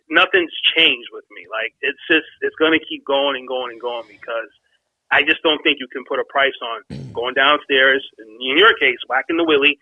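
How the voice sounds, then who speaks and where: A man's voice: medium pitch, dry recording, phone-quality sound. A man talking casually as a podcast guest, emphatic and rambling, with many fillers.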